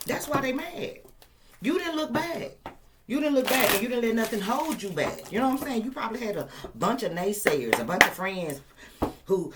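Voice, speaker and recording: A woman with a low voice that swings widely up and down, reading tarot in a loose, chatty way. She is emphatic and playfully profane, hammering points home through repetition. A faint noise sits under her voice. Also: lively intonation, normal speed. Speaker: tarot reader. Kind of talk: casual tarot reading to viewers.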